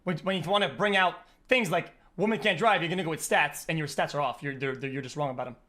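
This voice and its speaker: A man's voice: on the high side, quick pace, sharp tone. A young adult man hosting a stream debate, blunt and stammering, with a rambling manner. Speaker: streamer host.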